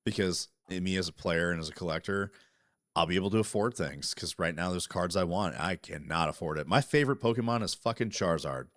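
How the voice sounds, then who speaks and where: A man chatting casually as a podcast co-host, animated and profane, talking over interruptions. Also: low-pitched, brisk, no room sound, clean studio sound. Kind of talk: casual chat.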